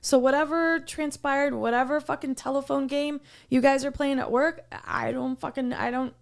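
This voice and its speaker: A podcast co-host with a high, gravelly voice speaks at a normal speed while relaying something that happened at her workplace. She swears frequently, and her casual delivery is heated and lively.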